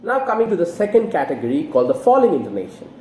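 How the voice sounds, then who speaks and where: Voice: mid-range voice, sing-song, rapid-fire, darkish tone. An English teacher giving an online lesson who asks the listener rhetorical questions and swings the voice in exaggerated rises and falls. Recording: roomy echo, faint background noise.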